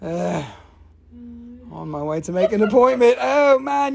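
A live-stream seller of rocks and crystals who talks in a casual, joking, profane and excitable way. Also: mid-range voice, a little slow, creaky, a crowd in the background. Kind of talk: casual live sales chat.

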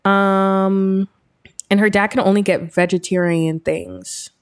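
A woman's voice: medium pitch, takes it slowly, smooth. Chatty woman narrating her game. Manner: chatty, excitable, storytelling. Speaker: let's-play host. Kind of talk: casual gameplay commentary.

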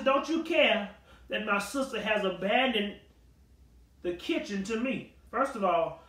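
A male pastor preaching a Bible study. He talks conversationally, acts out the people in the story with sass and humor, and rises to shouting. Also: high voice, echoey room, distant mic, poor audio.

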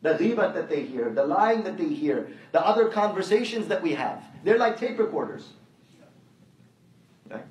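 High-voiced preacher in an echoey hall. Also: male voice, sing-song, normal speed, a little mellow. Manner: conversational, repeats phrases, quotes Arabic. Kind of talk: sermon with anecdotes. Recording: echoey hall, mic at a distance.

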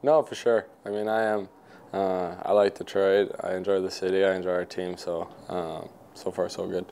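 A man's voice: low-pitched, normal speed, smooth. A Swedish man in his twenties, speaking English as his second language with a Swedish accent, chatting casually and easily with lots of fillers as a guest. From Sweden. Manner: relaxed, easygoing, many fillers. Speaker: hockey player guest. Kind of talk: casual interview chat.

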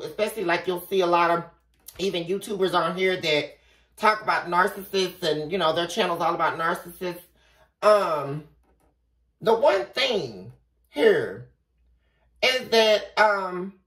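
A woman giving a tarot reading, talking bluntly with a lot of swearing and ranting. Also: mid-range voice. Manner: blunt, profane, animated ranting. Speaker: tarot reader. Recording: roomy, from a distance.

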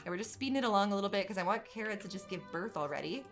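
A woman with a mid-pitched voice chats her way through a let's-play, narrating what happens and turning to loud, panicked dismay when things go wrong. Soft game music plays faintly in the background. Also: racing. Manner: chatty, reacts loudly, swings from calm narration to panicked dismay. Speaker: gaming channel host. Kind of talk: casual let's-play commentary.

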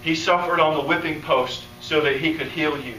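American male preacher, bright forceful storyteller, distant roomy hall sound. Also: normal speed, slight background noise. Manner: storytelling, acts out dialogue, builds to excited high pitch. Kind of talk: sermon telling a healing story. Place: church or conference hall, live audience.

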